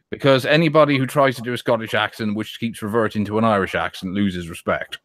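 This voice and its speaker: Sardonic man, low voice, dry sound. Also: brisk, a bit bright, no room sound. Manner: sardonic, teasing, swears freely. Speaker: host. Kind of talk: casual podcast banter.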